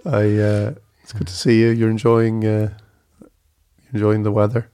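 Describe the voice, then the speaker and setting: A man's voice: lowish voice, monotone, unhurried, mellow, clear, resonant tone. A man hosting a podcast, asking teasing, hesitant questions in casual chat. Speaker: podcast host.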